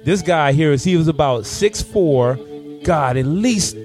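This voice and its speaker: A shop owner tells wild stories from his store, his voice sitting a little high for a man. He talks in bursts, restarting and repeating himself as he goes. Faint music plays underneath. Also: unhurried. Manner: animated anecdotes with repeated restarts. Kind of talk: casual storytelling.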